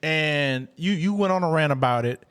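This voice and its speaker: A man from Atlanta co-hosts a casual sports talk show, speaking with a high-pitched voice. He talks in an animated way and repeats words as he restarts his sentences. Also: moderate pace, smooth. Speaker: podcast co-host.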